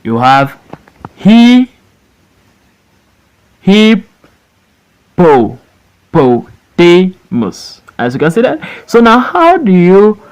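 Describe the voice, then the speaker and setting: In a low-quality recording, a man whose voice sits high narrates an online phonics lesson, elongating words syllable by syllable and repeating them for learners in a slow classroom style. His pitch swings hugely, and his delivery is smooth and at normal speed with hardly any pauses.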